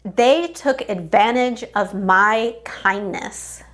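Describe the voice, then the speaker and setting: A woman guides listeners through a tapping session at a mid pitch. She speaks at an extremely slow pace. Each phrase is deliberate, and she repeats the affirmations one by one. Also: a bit bright. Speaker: tapping coach.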